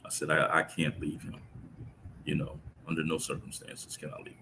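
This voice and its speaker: A middle-aged man telling a personal story about his son in an interview, speaking in a reflective, halting way with many restarts. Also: very deep voice, completely flat delivery, gravelly, sharp tone, a little hiss or hum, rough recording. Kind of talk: conversational storytelling.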